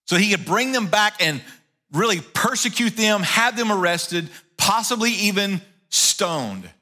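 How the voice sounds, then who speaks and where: A man preaching a sermon and retelling a story with animated energy. His voice is high and bright, and it swings widely in pitch. He slows down for key words. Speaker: pastor.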